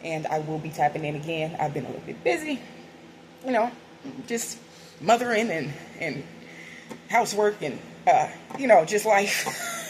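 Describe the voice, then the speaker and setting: A woman's voice: on the low side, lively intonation, normal speed, pauses often, slight background noise, rough recording. A woman hosting a spiritual video, talking candidly and rambling to her viewers in a casual way, swearing now and then. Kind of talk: casual spiritual talk to camera.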